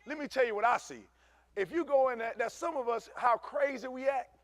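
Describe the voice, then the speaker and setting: Pastor preaching in church, high-pitched man, animated and chatty, close dry mic. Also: brisk, no room sound. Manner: animated preaching, swings from shouting to low asides; conversational, uses African American Vernacular English. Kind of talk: sermon.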